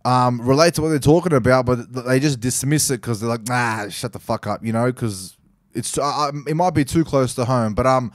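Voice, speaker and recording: A man's voice: medium pitch, a little fast, no echo, clean studio sound. A young man hosting his own podcast, talking casually and off the cuff, swearing freely, with restarts and fillers as he rambles through listener questions. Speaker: podcast host. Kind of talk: casual solo podcast monologue.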